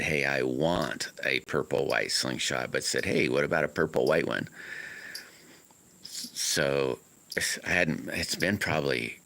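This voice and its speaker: Very deep gravelly man chatting. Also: pushed and bright. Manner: rambling, self-correcting, chatty. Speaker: livestream host and slingshot maker. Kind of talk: casual live-stream chat with viewers. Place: home on a wooded property.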